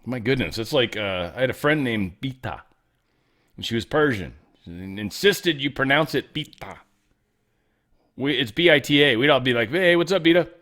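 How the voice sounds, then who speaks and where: A man's voice: mid-range voice, lively intonation, normal speed, pauses often, bright, forceful tone. A man hosting a casual political commentary show, talking in an irreverent, joking way and swearing freely. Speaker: host.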